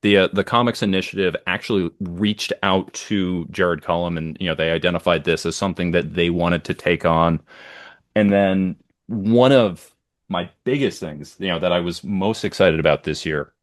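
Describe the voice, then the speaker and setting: Here a man co-hosting a podcast speaks in a low voice at a moderate pace. His casual talk is enthusiastic and meandering, full of ums and uhs, recorded in studio quality with no room sound.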